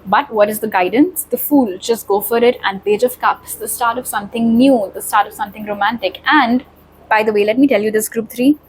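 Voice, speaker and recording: A woman with a somewhat high voice gives a pick-a-card tarot reading, speaking directly to her viewers in a steady, reassuring way. A faint hiss sits under the recording. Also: fairly quick, poor audio. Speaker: tarot reader.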